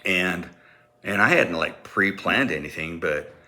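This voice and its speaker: A man telling a comic personal story in an animated way, acting out sounds and voices. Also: low-pitched, measured pace.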